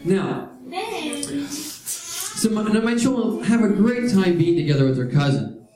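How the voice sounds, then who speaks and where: A man's voice: sits high, big pitch swings, a little slow, a crowd in the background. A man preaching a sermon, telling stories with humorous asides. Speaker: pastor. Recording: echoey hall with audience.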